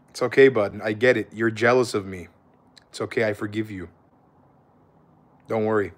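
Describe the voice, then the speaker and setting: A man's voice: fairly low pitch, fairly even intonation, a little slow, pauses often. A young man talking loosely to his viewers on a live stream. He is laid-back and swears casually, throwing "bro" into nearly every thought.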